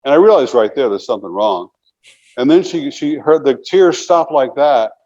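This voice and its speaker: Man, 60s, interview guest, rambling casual storyteller, middle pitch, muffled lo-fi audio. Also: lively intonation, normal speed, a little mellow. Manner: rambling, many "you know" fillers.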